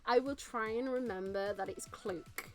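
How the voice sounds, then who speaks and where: A young woman hosts a casual live stream in a high, bright voice. She giggles constantly and gushes, often stumbling and restarting her words. Soft music sits faintly in the background. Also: unhurried. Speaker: streamer and nail technician.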